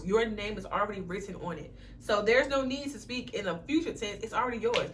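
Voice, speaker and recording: A woman's voice: mid-range voice, a little fast, few pauses, distant mic, a little hiss or hum. A young woman, chatting casually to camera as a vlogger and swearing freely. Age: young adult.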